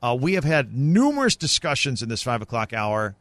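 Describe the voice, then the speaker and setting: A man's voice: medium pitch, sing-song, brisk, a bit bright, no room sound. A man co-hosting a sports radio show, blunt and teasing, who also reads the station plugs. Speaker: radio co-host.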